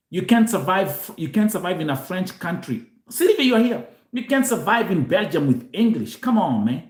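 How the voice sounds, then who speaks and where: A man's voice: high-pitched, very animated, normal speed, few pauses, roomy sound. A man from Kenya hosting a show, talking animatedly to viewers and switching between Swahili and English, often repeating himself. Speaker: host. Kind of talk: live show monologue to viewers.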